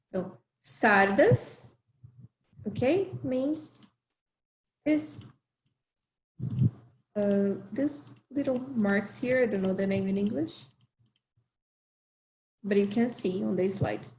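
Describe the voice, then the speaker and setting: Slow, patient woman language teacher. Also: medium pitch, dark tone, reverberant, slight background noise, rough recording. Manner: slow, repeats phrases for learners. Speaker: Portuguese teacher.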